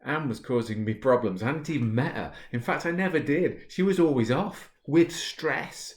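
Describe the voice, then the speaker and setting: A man who writes about positive psychology, talking casually to teachers and then reading a story passage aloud in a relaxed, storytelling way. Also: medium pitch, normal speed, hardly any pauses. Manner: relaxed and chatty with fillers, reading at an easy, storytelling pace. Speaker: positive psychology author and speaker. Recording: roomy, echoey room.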